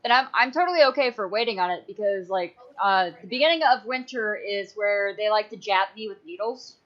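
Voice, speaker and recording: A woman's voice: mid-range voice, fairly quick, muffled recording. A woman hosting a casual podcast chat, talking candidly and swearing casually. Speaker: podcast host.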